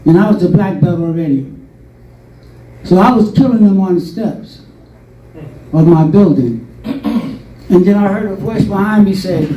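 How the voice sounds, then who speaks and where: A man's voice: high voice, normal speed, distant mic, slight background noise. Older man telling a rambling story. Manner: rambling, animated storytelling with acted quotes. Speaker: interview guest. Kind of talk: storytelling interview. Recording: roomy, from off-mic.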